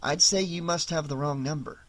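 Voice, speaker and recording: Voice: medium pitch, brisk, no echo, natural voice. A narrator doing a shy teenage babysitter. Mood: embarrassed.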